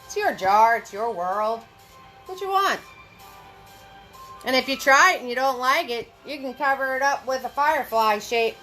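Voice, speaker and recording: A woman's voice: fairly high pitch, moderate pace, few pauses, pushed and bright, faint music behind, poor audio. A woman leading a live painting class, chatty and encouraging, greeting viewers as she goes. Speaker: paint party instructor. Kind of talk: live online painting lesson.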